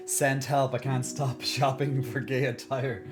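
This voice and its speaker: A man talks off the cuff to his stream audience, teasing and joking, often stalling on fillers and restarting his sentences. His voice sits in an ordinary middle pitch. A faint bed of music plays behind him. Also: normal speed. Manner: mock-solemn when playing up sad news. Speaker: live streamer. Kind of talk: casual live-stream chat to viewers.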